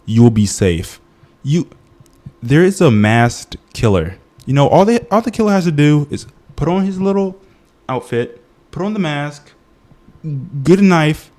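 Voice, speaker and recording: A man's voice: a little high, a little mellow. A man giving a casual, comedic movie review, ranting in exasperation, often laughing and restarting his sentences.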